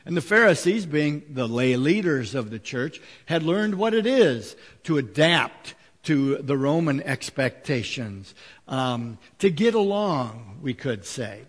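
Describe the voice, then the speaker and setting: A man's voice: mid-range voice, very animated, slow, long reverb tail. A man preaching a sermon as a pastor, talking conversationally with fillers and rhetorical questions.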